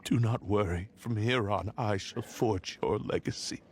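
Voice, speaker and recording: An actor voicing an ancient male sentient sword, brooding and despairing, speaking in a hushed, whispery, solemn way in a video game. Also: fairly low pitch, slightly rough. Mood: anguished. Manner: slow, solemn delivery. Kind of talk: game voice acting.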